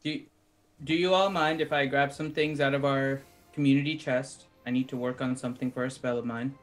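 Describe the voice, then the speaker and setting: A man's voice: medium pitch, steady tone, fairly quick, faint music behind. A man playing a tabletop game, talking in a hesitant way with filler words. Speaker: player. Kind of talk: casual tabletop game play.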